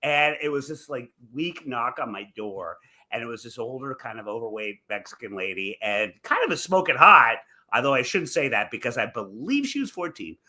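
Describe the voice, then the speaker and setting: A young adult man co-hosting a podcast, telling crude stories in casual comedic chat, animated and laughing as he goes. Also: medium pitch, normal speed. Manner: animated, swearing storyteller who laughs through his tales. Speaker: podcast co-host.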